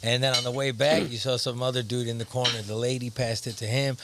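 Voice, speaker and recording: A man's voice: medium pitch, level tone, fairly quick, very noisy. A man co-hosting a podcast, telling a story in slangy, swear-filled casual talk. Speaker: podcast co-host. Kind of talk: casual chat.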